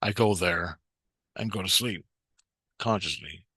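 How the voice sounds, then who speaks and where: A man's voice: low-pitched, a little slow, sharp tone, husky, no room sound. A man telling a rambling personal spiritual story in a casual, profane way, often restarting his sentences. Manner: profane, meandering, with frequent restarts. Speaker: spiritual vlogger.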